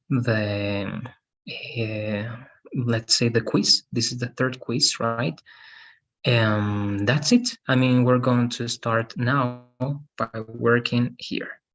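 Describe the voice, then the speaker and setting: A man records an English grammar lesson for students who will watch later. His voice sits in an ordinary middle pitch. He explains carefully, restarts phrases and keeps checking understanding with quick tag questions. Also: highs cut off. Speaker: English teacher.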